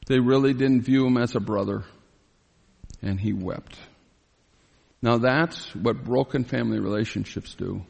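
A man's voice: mid-range voice, gravelly, darkish tone, husky. A man preaching a sermon, reading scripture verses aloud and stopping to explain them, growing earnest and pleading as he voices a biblical figure. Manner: reads scripture aloud and pauses to explain, grows pleading when voicing Joseph. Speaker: pastor. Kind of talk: expository Bible sermon. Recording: long reverb in a hall.

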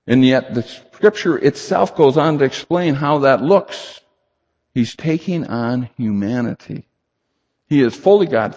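Husky-voiced male preacher, lively delivery. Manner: animated preaching, rising emphatic then dropping low. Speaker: pastor. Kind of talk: sermon. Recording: lo-fi recording in a reverberant hall.

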